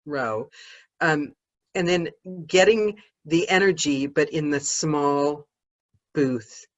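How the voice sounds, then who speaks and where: A woman's voice: deep voice, takes it slowly. Chatty woman host on a muffled line. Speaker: podcast host. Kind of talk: interview on a podcast.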